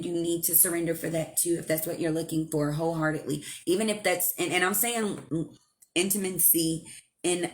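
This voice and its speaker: Blunt, profane woman giving advice. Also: fairly low pitch. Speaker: live-stream advice host. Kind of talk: casual spiritual advice talk. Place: at home with her child nearby.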